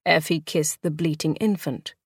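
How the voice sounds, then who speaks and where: Casting: female audiobook narrator, lower register, dry close studio sound, measured expressive storytelling. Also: husky, no room sound. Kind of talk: scripted narration.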